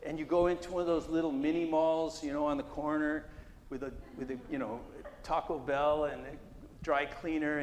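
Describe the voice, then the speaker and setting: Guy in his 60s telling a story to a crowd, voice a bit high, echoey hall, noisy room, keeps laughing. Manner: animated storyteller, acting out quotes, laughing often. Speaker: guest speaker. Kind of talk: live anecdote before an audience. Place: gallery exhibition talk, hall before an audience.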